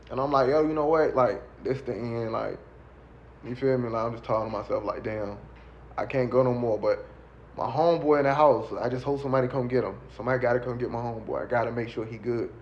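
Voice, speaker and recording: A man's voice: mid-range voice, highs cut off, slight background noise. A man telling his own story in casual street slang, rambling with many fillers.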